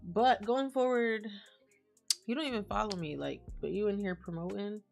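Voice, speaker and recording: A woman's voice: mid-range voice, normal speed, gravelly, darkish tone, faint music behind. A woman streaming live, chatting casually and reading out and answering messages from her chat. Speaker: livestreamer.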